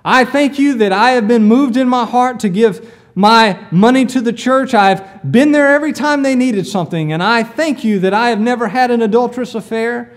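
A man's voice: very high voice, moderate pace. A man voicing a proud, self-righteous male churchgoer boasting in prayer. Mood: smug pious.

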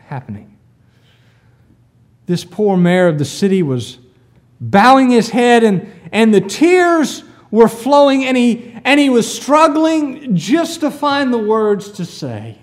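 High-voiced man preaching a sermon, animated storyteller with a wide melodic range. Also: a little slow. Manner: animated storytelling, rhetorical questions.

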